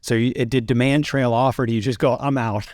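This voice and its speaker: A man's voice: medium pitch, steady tone, fairly quick, darkish tone, no room sound. A man hosting an interview, recapping events and prompting his guest to tell more. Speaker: interview host. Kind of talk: interview questions.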